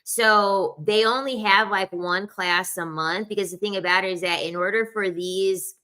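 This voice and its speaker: Bright-voiced woman chatting casually. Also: medium pitch, steady tone, normal speed, clear, resonant tone. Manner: rambling, lots of "like" fillers; laughs while talking. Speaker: podcast host. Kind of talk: casual chat.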